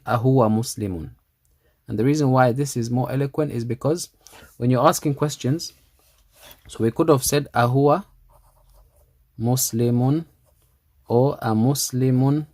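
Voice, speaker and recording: A man's voice: medium pitch, a little mellow, no echo. Methodical male Arabic teacher, dry sound. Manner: reads Arabic lines slowly, repeats them, then translates. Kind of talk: explaining a textbook dialogue.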